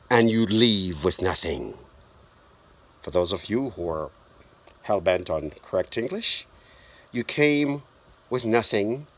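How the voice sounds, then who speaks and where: A man delivering a spoken-word preaching monologue, slow and deliberate with repeated emphasis. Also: fairly low pitch.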